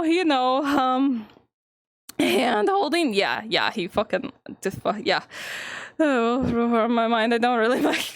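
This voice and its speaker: Giggly, lively-voiced woman streamer. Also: on the high side, no room sound. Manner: giggly, swears freely, rambling. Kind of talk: casual live-stream chat.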